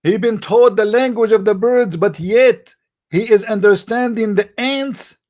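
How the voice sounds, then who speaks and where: An actor playing a boastful, rambling mock preacher with an Arabic accent, in a satirical livestream monologue. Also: male voice, high-pitched, unhurried, darkish tone. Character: mock-pompous self-styled male preacher, middle-aged.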